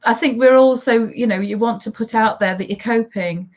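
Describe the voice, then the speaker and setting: A woman's voice: a little high, normal speed, darkish tone. A woman hosting an online interview, encouraging her guest and reading out viewer comments. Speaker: host.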